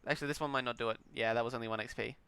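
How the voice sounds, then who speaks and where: A man's voice: medium pitch, steady tone, rapid-fire, bright, forceful tone, clear, resonant tone, dry recording. A young man hosting a gameplay stream, chatting casually and playfully with bursts of drama. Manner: playful, dramatic outbursts, laughs often. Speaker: gaming channel host.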